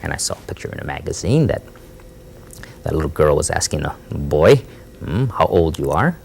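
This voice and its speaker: A man leads a Spanish lesson, slowly repeating each phrase for the class to echo. His voice has a gravelly, creaky edge. His pitch swings widely between low asides and high, emphatic prompts. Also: sing-song, darkish tone. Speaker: Spanish teacher.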